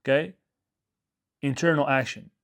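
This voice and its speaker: A man's voice: medium pitch, steady tone, unhurried, fairly bright tone. A male coach giving a motivational talk to his audience, emphatic, repeating his phrases and often checking in with "okay?".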